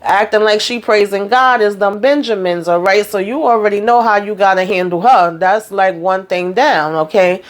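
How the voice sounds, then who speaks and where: A woman's voice: mid-range voice, moderate pace, hardly any pauses. Woman, casual recap vlogger, blunt and profane, chatty.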